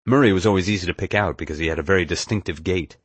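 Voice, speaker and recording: A man reading a first-person adventure story aloud in a steady, measured way. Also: low voice, slightly rough, dry recording. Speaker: audiobook narrator. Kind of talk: scripted first-person narration.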